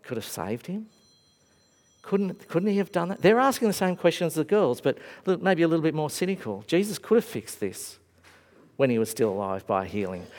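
A man preaching a sermon in a lively storytelling manner, acting out the lines he retells. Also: on the high side. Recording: long hall reverb.

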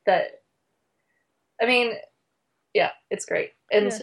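Halting woman guest, full of ums. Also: medium pitch. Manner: hesitant, halting, lots of fillers, warm enthusiasm. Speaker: race reporter guest. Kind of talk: casual interview chat.

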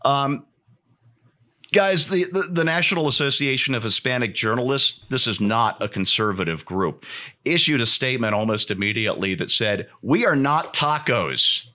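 A man's voice: mid-range voice, normal speed, sharp tone. A man hosting a casual political talk show, joking and laughing often as he tells a story. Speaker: host.

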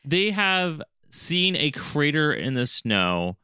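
A podcast co-host retells a cartoon plot in casual, sarcastic chat, exaggerating every beat. The voice is bright and sharp, its pitch leaps all over, and it is recorded dry and close. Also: very animated, takes it slowly, clear, resonant tone, dry recording.

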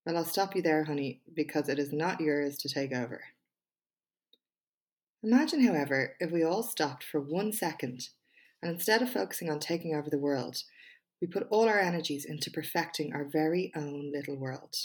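A woman's voice: low voice, moderate pace. A woman hosting her own podcast, chatting frankly and with self-deprecating humour before reading a speech of hers aloud in an emphatic style. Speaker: podcast host and small business owner.

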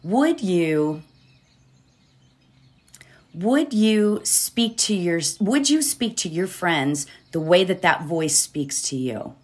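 Woman, podcast host, slow-paced, low-pitched, casual rambling chat. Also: very animated. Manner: chatty, rambling, laughs often, says "right?" a lot. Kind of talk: casual motivational podcast talk.

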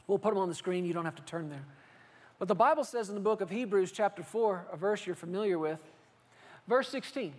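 High-voiced male preacher. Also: a little fast. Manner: animated, rhetorical, with acted quotes. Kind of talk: sermon.

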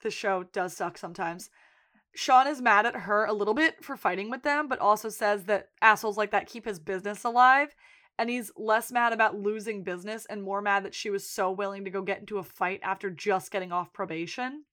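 A woman's voice: mid-range voice, brisk, a bit bright. A woman co-hosting a podcast, casually recapping a TV episode and acting out the characters' lines, with plenty of swearing. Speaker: podcast co-host.

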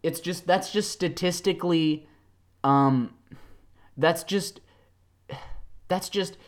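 A podcast host ranting solo, rambling with many fillers and laughs, swinging between low mumbles and loud animated bursts. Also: slow pace.

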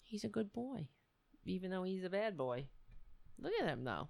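A woman's voice: on the low side, very animated, normal speed, vocal fry, pauses often, a little mellow, no room sound. A middle-aged woman hosting a casual livestream, rambling and self-mocking as she chats to viewers and her cat. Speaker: livestream host.

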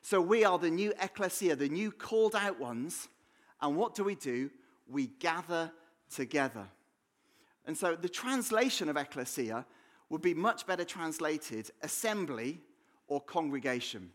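A man's voice: fairly high pitch, lively intonation, a little slow. A man with an English accent preaching a sermon in a church, conversational and jokey, often restarting with repeated words. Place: church hall.

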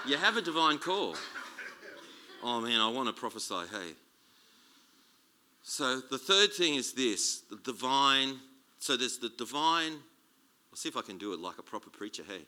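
A man preaching a sermon as a guest speaker, chatty and animated, joking and restarting his sentences. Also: medium pitch, a little slow, pauses often, a little hiss or hum. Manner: animated, conversational, jokey preaching with many restarts.

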